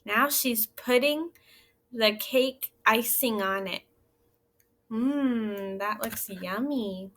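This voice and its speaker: A woman teaching young children in a recorded lesson, reading a story aloud and asking gentle, encouraging questions. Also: on the high side, drawn-out words. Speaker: elementary school teacher.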